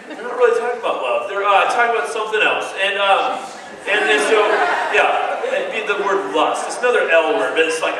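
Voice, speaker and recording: A man giving an animated, joking talk to a young audience as a youth speaker, playing to the crowd. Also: high-pitched, fairly quick, noisy background. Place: large hall with a live audience. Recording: echoey hall from far off with a crowd. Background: crowd of kids reacting.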